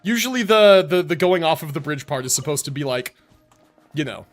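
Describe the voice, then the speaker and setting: Animated, joking male game streamer. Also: fairly high pitch, brisk. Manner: profane, joking and rambling. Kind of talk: casual live-stream commentary. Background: game music.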